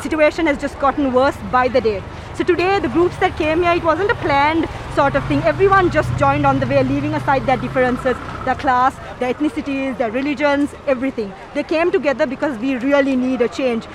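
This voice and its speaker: A woman's voice: high voice, fairly quick, few pauses, noisy background. A young woman, a university student protester, speaking earnestly and with passion in a street interview. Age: young adult. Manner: earnest, impassioned.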